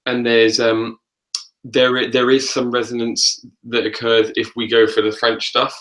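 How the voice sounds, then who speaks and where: A man's voice: medium pitch, completely flat delivery, measured pace, a bit bright, low-quality recording. A man, a vocal coach, talking casually on a webinar in an easygoing, encouraging way. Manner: easygoing, encouraging, hesitant fillers.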